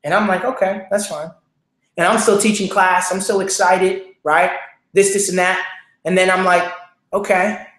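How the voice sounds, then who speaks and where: A man's voice: high voice, level tone, normal speed, fairly bright tone, echoey room. A young man hosting a show, telling a motivational personal story in an earnest, repetitive way with many fillers. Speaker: show host, speaker.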